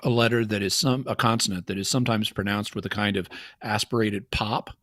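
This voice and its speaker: A man's voice: fairly low pitch, steady tone, fairly quick, fairly bright tone, no echo, clean studio sound. A man from the Ozark Mountains of Arkansas with an Ozark accent, a caller explaining at length with many fillers and restarts. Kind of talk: casual call-in chat.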